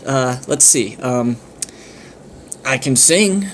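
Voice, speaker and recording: A man's voice: medium pitch, expressive, slow, a little hiss or hum. A man voicing a clumsy, nervous young knight who stammers and gets flustered.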